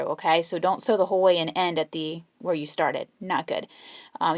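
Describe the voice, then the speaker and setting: Southern lady talking thru a sewing project, low-ish voice, laid back, fixes her words as she goes. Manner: chatty, self-correcting, easygoing. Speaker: sewing tutorial host. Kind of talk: casual step-by-step sewing demonstration.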